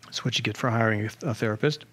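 A male pastor preaching a sermon in an animated way, with rhetorical questions and humorous asides. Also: on the low side, rapid-fire, breathy edge.

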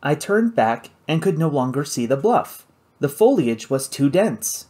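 Expressive man reading an audiobook. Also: a little high, unhurried. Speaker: audiobook narrator. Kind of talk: first-person audiobook narration.

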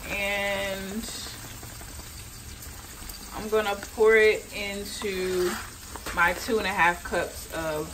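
A young woman at mid pitch chats her way through a home cooking vlog. She is slangy and speaks straight to her viewers. A faint sizzle of frying runs behind her voice. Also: level tone, drawn-out words, long pauses, noisy background. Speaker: vlogger and athlete. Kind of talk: casual cooking vlog narration. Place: home kitchen.

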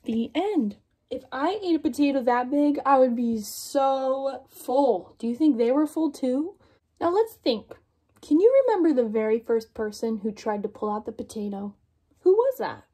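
This young woman's high voice has a breathy edge as she reads a picture book to kids at a normal speed. Her storytelling is animated, and she puts questions to the children listening.

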